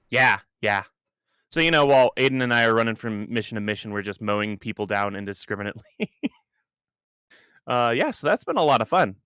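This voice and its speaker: Male podcast co-host, bright, smooth voice, laid-back deadpan delivery. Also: mid-range voice, fairly quick, no room sound, studio quality. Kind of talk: casual chat.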